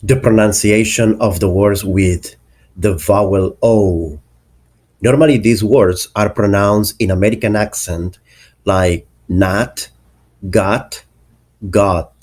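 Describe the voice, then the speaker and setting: A man's voice: lowish voice, a little slow, darkish tone. A man teaching an English pronunciation lesson, carefully enunciating each example word.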